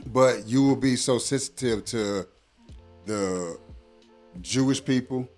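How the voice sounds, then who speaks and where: A man's voice: mid-range voice, takes it slowly, a little mellow, faint music behind. A man in his thirties speaking as a parent in a casual conversation, blunt and emphatic with many fillers. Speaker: guest parent.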